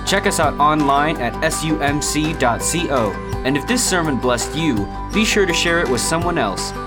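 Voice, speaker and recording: A man's voice: on the high side, animated, moderate pace. A man reading a friendly, scripted announcement introducing a recorded sermon. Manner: friendly, promotional. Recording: loud music bed under voice. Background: loud music.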